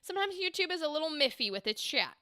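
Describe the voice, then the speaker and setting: A woman's voice: sits high, big pitch swings, fast, bright, forceful tone, no echo, clean studio sound. A woman hosting a livestream, chatty and enthusiastic, giving voice acting feedback and acting out example lines. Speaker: livestream host and voice acting coach.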